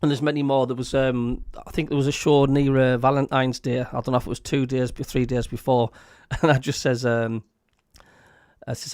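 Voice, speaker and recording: A Sunderland man hosts a laid-back podcast, recounting stories with energy, laughter, and quoted voices. His voice is medium in pitch and normal in speed, captured dry in clean studio sound.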